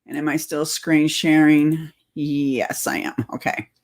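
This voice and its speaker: A woman's voice: low voice, fairly even intonation, takes it slowly. A woman host talking casually to her viewers in a rambling, chatty way, often laughing. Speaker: channel host.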